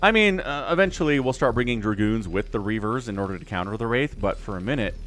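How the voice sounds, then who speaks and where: Animated, chatty male game caster. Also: lowish voice, quick pace, faint music behind. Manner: chatty, rambling, excitable. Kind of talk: casual esports commentary.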